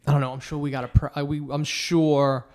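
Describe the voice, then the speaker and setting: A man's voice: a little high, level tone, brisk, darkish tone. A man co-hosting a podcast, chatty and opinionated, with lots of fillers. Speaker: podcast co-host. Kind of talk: casual chat.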